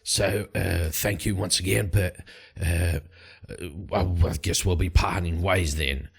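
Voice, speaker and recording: Man voicing a grudging gruff adventurer. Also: sits low, steady tone, measured pace, pitched below the performer's own voice, exaggerated voice. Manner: hesitant, grudging.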